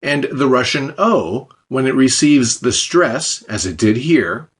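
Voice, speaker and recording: Husky man narrating a language lesson. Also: medium pitch, animated, takes it slowly. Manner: explanatory, with light dry jokes. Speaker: language teacher. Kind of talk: scripted instructional narration.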